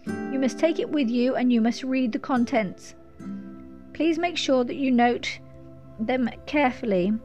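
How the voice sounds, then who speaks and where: A woman's voice: high-pitched, measured pace, a little mellow, faint music behind. A woman voicing a curt, impatient old male lawyer who speaks in brusque, clipped phrases.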